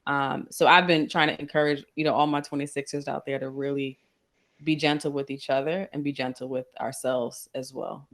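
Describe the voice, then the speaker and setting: A woman's voice: very deep voice, little pitch movement, moderate pace, a bit bright. A woman hosting a podcast, asking questions in a casual, encouraging, conversational way. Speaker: podcast host. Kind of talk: casual interview.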